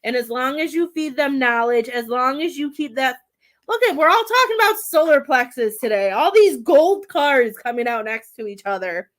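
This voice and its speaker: Woman, tarot reader and medium, somewhat high voice, talkative and heartfelt, laughs a lot, gets emotional. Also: animated, moderate pace. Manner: chatty, warm-hearted, laughs often between thoughts; emotional, near tears at times. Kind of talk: live tarot reading.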